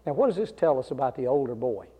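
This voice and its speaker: A man's voice: medium pitch, big pitch swings, fast talker, mellow, husky. A man preaching a sermon, explaining a passage with rhetorical questions and casual asides. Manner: conversational asides. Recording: long reverb of a large hall.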